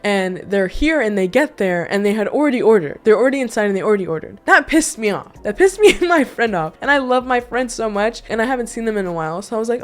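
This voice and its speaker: A woman's voice: mid-range voice, expressive, quick pace, hardly any pauses. A young woman vlogger in casual chat indoors, telling stories candidly and animatedly with lots of asides. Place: indoor room.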